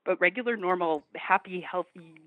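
A woman's voice: lowish voice, normal speed, no echo. A Canadian woman calling in to a talk show, chatty and acting out what other people say. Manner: chatty, quotes others in voices. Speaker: caller. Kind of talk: phone call-in chat. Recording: tinny phone line.

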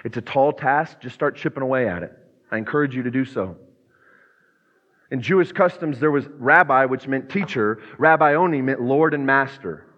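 A man's voice: mid-range voice, lively intonation, moderate pace, a bit bright. Preaching man in an echoing church. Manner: earnest preaching with dramatized quotes. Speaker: pastor. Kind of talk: sermon. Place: church sanctuary. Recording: muffled sound with long church reverb.

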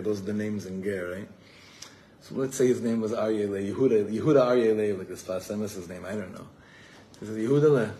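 A man's voice: on the low side, darkish tone, a little hiss or hum. A man telling a story in a sermon as a rabbi at an evening gathering, acting out the voices of the people in it.

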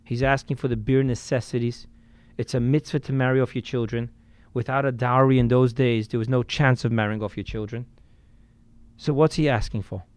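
A man preaching a sermon as a rabbi, emphatic, with sudden swings between loud and quiet, and dropping in Yiddish and Hebrew religious terms. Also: mid-range voice, no echo.

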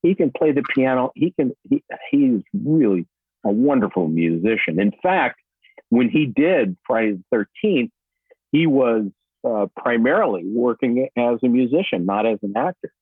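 A man's voice: medium pitch, big pitch swings, moderate pace, slightly rough, no room sound. Rambling man on a tinny phone line. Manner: rambling, many fillers and restarts. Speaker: actor guest. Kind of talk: casual interview.

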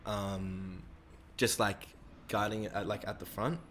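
A man's voice: lowish voice, steady tone, unhurried, a bit bright, a little hiss or hum. A young man telling a rambling story in casual, sweary talk, acting out quoted voices. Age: young adult. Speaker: interviewee.

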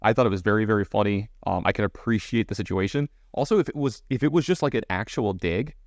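A man's voice: on the low side, no echo, studio quality. A man co-hosting a podcast, telling a story in a casual chat with lots of fillers and restarts. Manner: fast, animated storytelling with many fillers. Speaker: podcast co-host.

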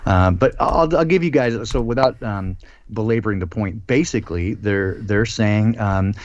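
A man's voice: fairly low pitch, moderate pace, no echo, dull audio. A man hosting a casual live-stream discussion, talking with many ums and restarts. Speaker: host.

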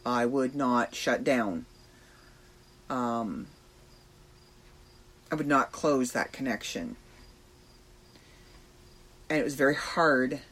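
Slow, soft-spoken woman podcaster. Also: a bass voice, husky. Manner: slow, reflective and emotional, with pauses and fillers. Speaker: podcast host. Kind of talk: personal podcast monologue. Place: trailer in a backyard.

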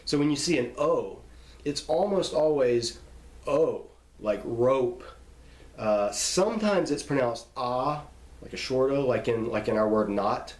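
A man's voice: mid-range voice, animated, measured pace, a little mellow. A man teaching how to pronounce Hebrew names, patiently sounding out examples and often restarting. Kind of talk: explaining Hebrew name pronunciation. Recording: echoey room.

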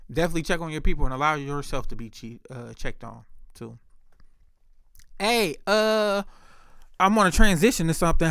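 A man's voice: fairly high pitch, creaky, a bit bright, smooth, no room sound, clean studio sound. A man talking openly in a casual monologue, telling stories with plenty of swearing and filler words. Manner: candid, profane storytelling with many fillers.

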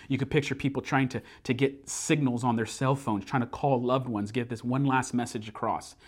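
Young man preaching, earnest, middle pitch, builds to emphatic refrains. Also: steady tone, husky. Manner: slows down to recite a memorized creed. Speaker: pastor. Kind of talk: sermon.

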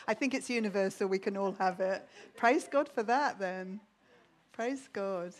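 A woman preaching to a church gathering in a lively, animated way, with ready laughter in her voice. She speaks at a middle pitch and turns soft and hushed when she moves into prayer. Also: unhurried. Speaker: Bible teacher. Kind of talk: sermon with closing prayer.

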